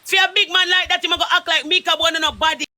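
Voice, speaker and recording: Jamaican woman, high bright voice, furious cursing tirade in patois, live stream caller. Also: steady tone, fast talker, dry recording. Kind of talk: heated live stream argument.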